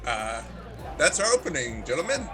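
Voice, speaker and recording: A man's voice: medium pitch, sing-song, normal speed, over music, crowd noise. A man playing his character in a tabletop game, given to wry banter. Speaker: player.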